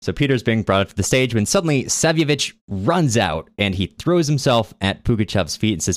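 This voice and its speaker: A man's voice: lowish voice, animated, fairly quick, few pauses. A man co-hosting a casual book podcast, retelling the plot in chatty storytelling with wry asides. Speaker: podcast co-host.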